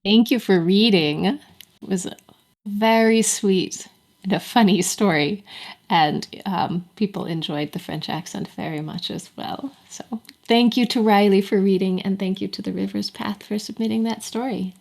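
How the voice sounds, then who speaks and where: A woman hosting an online fan party, thanking readers and introducing the next story with a few pauses. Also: medium pitch, gravelly, a little mellow. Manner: friendly, thanking, hesitant fillers. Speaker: event host.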